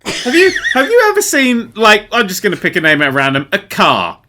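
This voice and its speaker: Teasing high-voiced British man. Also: wildly swooping pitch, pushed and bright. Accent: British English. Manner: teasing, sarcastic, quick wisecracks. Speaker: podcast co-host. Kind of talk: casual podcast banter.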